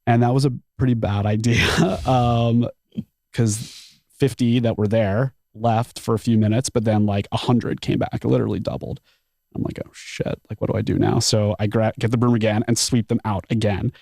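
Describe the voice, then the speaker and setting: Guy with a low gravelly voice, rambling story full of "like", dry close mic. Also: moderate pace, dry recording. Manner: animated, frequent "like" fillers, acts out his own thoughts. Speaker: podcast guest. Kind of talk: casual storytelling.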